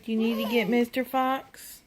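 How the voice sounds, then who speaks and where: A woman's voice: on the high side, level tone, moderate pace, a little hiss or hum. A woman filming her baby at home, coaxing him in sing-song baby talk. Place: at home indoors.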